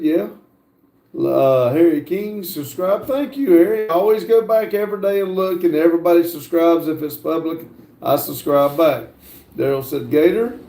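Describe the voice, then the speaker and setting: A middle-aged American man chats casually on a livestream, answering viewer comments between frequent "uh" pauses. His voice sits slightly high but sounds dark and mellow. The room gives it a roomy echo. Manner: halting, fills pauses with frequent "uh". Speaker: livestream host.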